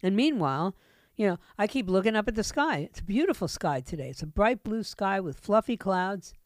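A woman's voice: medium pitch, very animated, brisk, dry recording. A woman hosting a talk radio show, delivering a sarcastic, indignant monologue from a studio microphone.

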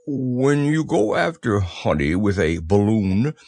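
A man voicing a gentle, slow-witted male teddy bear in a storybook, with a slow, ponderous, musing delivery. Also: on the low side, very animated, creaky, dry recording, clean studio sound, exaggerated voice. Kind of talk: storybook character voice.

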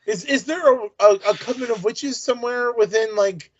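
A man's voice: very high voice, normal speed. A man co-hosting a TV recap podcast in casual chat, joking around and mangling names. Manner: jokey, playfully mangling names. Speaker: podcast co-host. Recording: muffled lo-fi audio.

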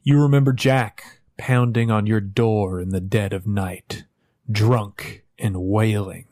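A man narrating a tabletop game as game master, slow and solemn. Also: on the low side, steady tone, a little mellow, no room sound, studio quality.

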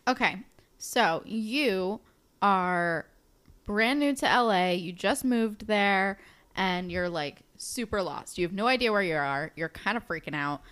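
A woman's voice: mid-range voice, animated, unhurried, fairly bright tone, clear, resonant tone. A woman co-hosting a podcast, improvising a playful story with lots of fillers. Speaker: podcast co-host. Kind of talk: casual chat.

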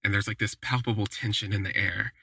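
A man with a low, husky, forceful voice tells a story in a chatty, wry way and leans on casual fillers. The sound is dry and close, with no room around it. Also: fairly even intonation, a little fast, dry recording. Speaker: podcast host. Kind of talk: casual first-person storytelling.

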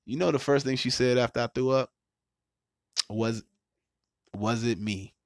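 A man who is a parent hosts a podcast, laughing and imitating others as he recounts a crude dating story in casual, profane banter. His medium-pitched voice is clear and resonant, with fairly even intonation and a moderate pace. The recording is dry and studio-clean.

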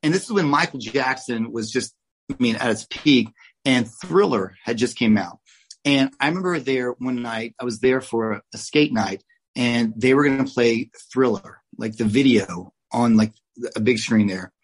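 A man in his forties from Oklahoma, a guest telling lively, salty stories from his childhood in a casual interview. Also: mid-range voice, normal speed, breathy edge, rough recording. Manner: animated, swears, acts out quoted voices. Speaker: guest, oral surgeon.

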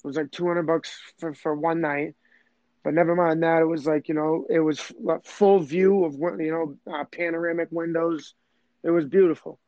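A man's voice: a little high, steady tone, normal speed, a little mellow, no room sound. Rambling young man with a dull, lo-fi sound. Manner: rambling, full of fillers and restarts, emotional. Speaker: man telling his proposal story. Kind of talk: casual conversation.

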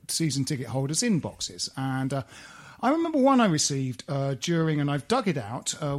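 A man co-hosting a football podcast, talking in a dry, deadpan way with many hesitations. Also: on the high side. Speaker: podcast co-host. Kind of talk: casual chat.

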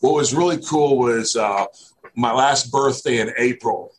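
A man's voice: mid-range voice, unhurried, a little hiss or hum, low-quality recording. A middle-aged man from Missouri, a former wrestler, telling stories casually in an interview with lots of fillers. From Northeast Missouri, USA. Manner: rambling, heavy on fillers like "you know" and "man". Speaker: guest, former pro wrestler.

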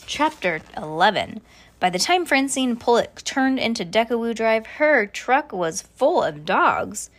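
A woman reading a children's chapter book aloud, voicing the characters with lively jumps in pitch. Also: a little slow. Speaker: reader.

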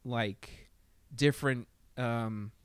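A man's voice: medium pitch, fairly even intonation, extremely slow, smooth, no echo. A man chatting casually about a TV show, hesitant, stumbling through restarts as he thinks aloud. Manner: hesitant, many restarts and fillers. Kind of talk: casual review chat.

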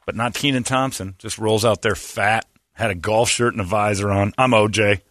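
Low-ish guy ranting on the radio, sarcastic, dry sound. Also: steady tone, moderate pace, fairly bright tone, no echo. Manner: ranting, sarcastic, laughs often. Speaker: radio show host. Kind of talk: casual radio chat.

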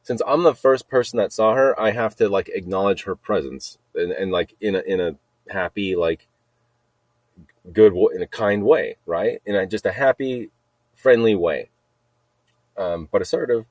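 A middle-aged podcast host with a fairly low voice tells a story at normal speed, with no room sound. His casual monologue rambles, repeats itself, and he laughs at his own jokes.

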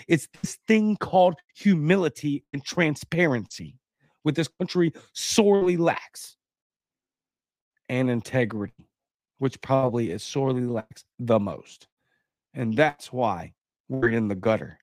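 A man hosting his own political talk show, ranting in a heated, sarcastic and blunt way, his pitch jumping up when he gets outraged. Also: lively intonation, unhurried, pauses often, no echo. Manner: blunt, insulting. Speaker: host of a political commentary show. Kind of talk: ranting commentary.

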